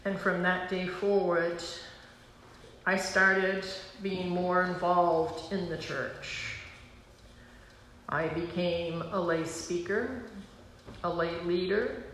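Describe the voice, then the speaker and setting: A woman pastor giving an earnest, emotional personal testimony from the pulpit, slow and pausing. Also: lowish voice, fairly even intonation, a bit bright, a little hiss or hum. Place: church sanctuary. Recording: roomy church hall sound.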